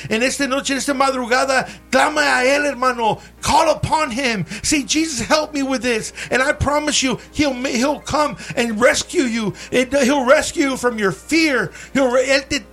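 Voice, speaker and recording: Preacher guy with a really high voice, flips between english and spanish, keeps asking amen?, soft music behind. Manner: switches between English and Spanish, calls for amens. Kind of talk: bilingual sermon.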